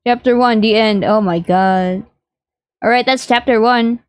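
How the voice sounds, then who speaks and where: A woman streaming a game, chatting casually and reading its text aloud in a giggly, excitable way. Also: a little high, a little slow, clear, resonant tone, dry recording. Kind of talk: casual let's-play commentary.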